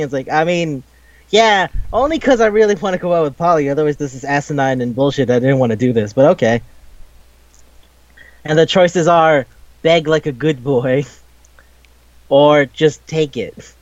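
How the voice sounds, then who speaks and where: A young man co-hosting a casual game chat, animated and swearing, often acting out game dialogue. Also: fairly high pitch, normal speed, pauses often, no echo. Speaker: podcast co-host. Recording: dry, muffled lo-fi mic.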